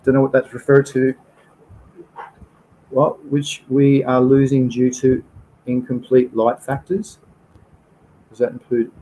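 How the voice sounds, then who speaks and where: A man's voice: mid-range voice, little pitch movement, slow pace, long pauses, dark tone, rough recording. A man with an Australian accent hosting a casual livestream, reading out viewer comments and answering questions in an informal, chatty way. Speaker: livestream host.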